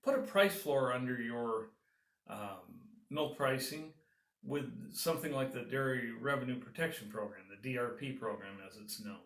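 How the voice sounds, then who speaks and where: A man's voice: medium pitch, normal speed, a bit bright. Consultant guy talking through steps, earnest and upbeat, sounds a bit far off in an echoey room. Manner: earnest, encouraging, lists steps. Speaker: business consultant. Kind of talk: advice talk to camera.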